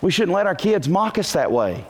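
A man preaching a sermon to a congregation, animated, asking rhetorical questions and breaking into bursts of shouting. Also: high voice, normal speed. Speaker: pastor.

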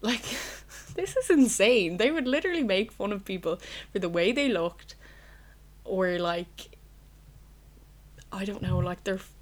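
A woman's voice: mid-range voice, animated, a little slow. Candid, rambling young Irish woman. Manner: candid, rambling, swears freely. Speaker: podcast host. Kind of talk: casual solo podcast chat. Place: bedroom.

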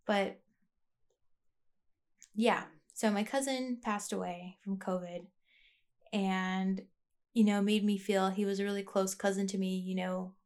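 A woman's voice: medium pitch, steady tone, measured pace, pauses often, a little mellow. A young woman talking alone into her podcast mic, rambling and reflective, full of fillers and restarts. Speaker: podcast host. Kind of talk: casual personal monologue. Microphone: plugged-in podcast mic.

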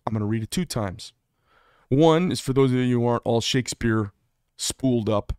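A man's voice: medium pitch, moderate pace, darkish tone, smooth, no echo, studio quality. A middle-aged man who served in the military gives a candid, rambling monologue, blunt and prone to restarting his sentences. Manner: blunt, rambling, self-interrupting. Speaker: veteran vlogger.

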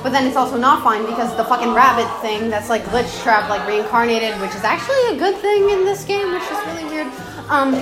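A young woman chatting casually about game lore, rambling, laughing and swearing in slang. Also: on the high side. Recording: roomy echo with music behind. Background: clear music.

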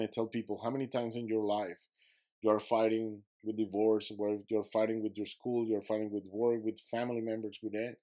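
A man's voice: on the low side, warm tone. Earnest man telling a personal story. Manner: earnest, emphatic storytelling with non-native English phrasing. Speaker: guest.

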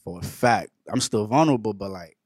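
A man's voice: fairly low pitch, animated, brisk, darkish tone, breathy edge, no echo, clean studio sound. A man in a casual faith discussion, rambling and repeating "you know what I'm saying". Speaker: co-host.

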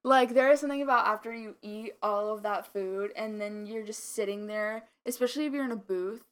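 A woman's voice: mid-range voice, fairly quick, smooth. A young woman co-hosting a podcast in casual chat, rambling with lots of filler words and a slight mumble. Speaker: podcast co-host.

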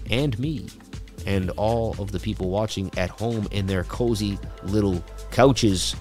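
A man hosting a casual market analysis livestream, joking loosely and riffing as he talks through the charts. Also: mid-range voice. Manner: loose, jokey, riffs and repeats himself. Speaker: crypto livestream host.

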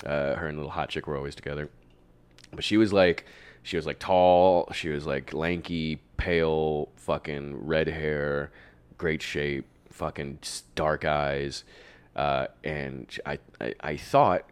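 A young man with a very low, deep voice tells a meandering, self-mocking story in a relaxed podcast chat. He swears freely and laughs at himself often. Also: unhurried, clean tone.

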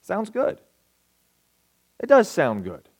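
A man's voice: high-pitched, huge pitch swings, slow pace, a little mellow, breathy edge. A male pastor preaching a sermon in a conversational, storytelling way, asking his listeners questions.

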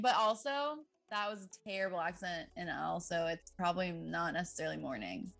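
A woman in her twenties co-hosting a podcast, chatting casually with laughs and quick asides. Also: lowish voice, animated, vocal fry, a bit bright. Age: 20s. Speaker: podcast co-host. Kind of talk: casual chat.

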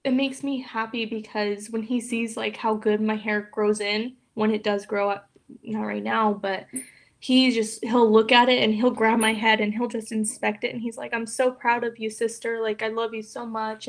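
A young woman with a slightly high voice talks as a podcast guest. She is open and a little emotional, soft-spoken, and pauses often on fillers. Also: level tone, gravelly. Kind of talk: casual interview chat.

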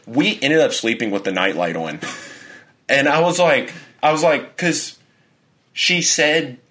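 A man's voice: mid-range voice, a little slow. A young man on a podcast telling a story in casual chat, swearing freely and acting out quotes in a raised voice. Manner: animated storytelling, heavy swearing. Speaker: podcast co-host.

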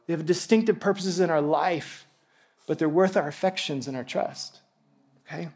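A man preaching a sermon to a congregation, animated and excitable, dropping from loud bursts to hushed tones. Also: a little high, moderate pace. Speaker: pastor.

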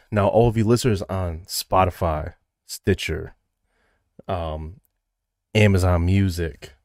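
A man's voice: low voice, dry recording, clean studio sound. A man co-hosting a casual podcast, joking crudely and laughing often. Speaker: podcast co-host.

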